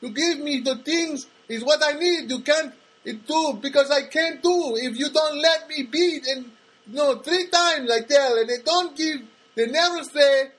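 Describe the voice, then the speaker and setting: A man putting on a Spanish accent to voice a grumbling male supermarket worker who speaks halting, broken English and repeats himself. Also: very high voice, a bit bright, voice pushed up, rough recording. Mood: complaining.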